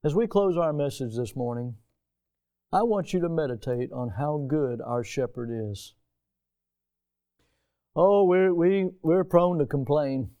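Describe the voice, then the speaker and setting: A pastor from the United States delivers a Sunday sermon in a church, leaning into his points with emphatic repetition. His voice sits a little high yet sounds mellow and warm, dropping low for tender moments and climbing sharply when he presses a point. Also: measured pace, long pauses. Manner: emphatic preacher, swinging between hushed and loud.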